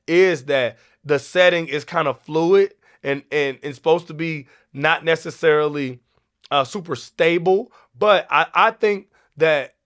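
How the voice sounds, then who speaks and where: A man hosting a podcast, talking in a casual, animated way with many restarts and an African American English lilt. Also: a little high. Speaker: podcast host. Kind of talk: casual teaching talk.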